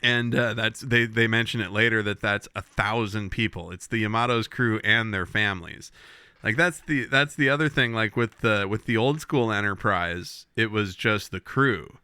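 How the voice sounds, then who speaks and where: A man co-hosting a podcast, recapping a TV episode in casual chat, animated and swearing as he acts out characters' lines. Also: fairly low pitch, normal speed, clean tone, no room sound. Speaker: podcast co-host.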